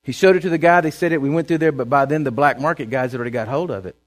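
A Texan man with a Texas accent and a fairly high voice races through a folksy, animated sermon story, repeating himself often along the way.

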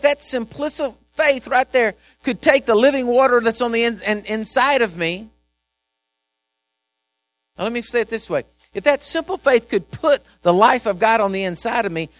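A man preaching a sermon, animated and repetitive, swinging from shouts to quiet asides. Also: very high voice, moderate pace, dry recording. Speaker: pastor.

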